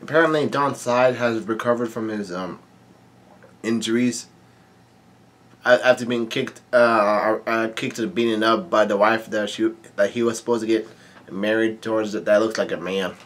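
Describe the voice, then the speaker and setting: A man with a bad cough casually recapping a manga chapter, halting and restarting his sentences often. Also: on the low side, steady tone, fairly bright tone. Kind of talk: casual read-through commentary.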